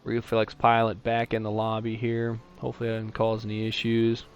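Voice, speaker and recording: A man with a Texan accent calling a sim racing league live, chatty between races and excitable play-by-play once the lights go out. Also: fairly low pitch, fairly quick, clean tone, highs cut off. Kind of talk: live esports race commentary.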